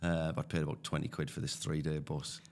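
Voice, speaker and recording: A man with a deep, low voice and a Teesside accent. He talks in a loose, chatty way, full of fillers, like a guest on a casual podcast. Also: level tone, brisk. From Teesside, England. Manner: chatty storyteller, many fillers. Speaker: guest, property investor.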